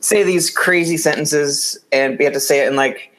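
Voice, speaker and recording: A man's voice: a little high, moderate pace, fairly bright tone. A man co-hosting a casual podcast, rambling along with many likes and uhs. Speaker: podcast co-host.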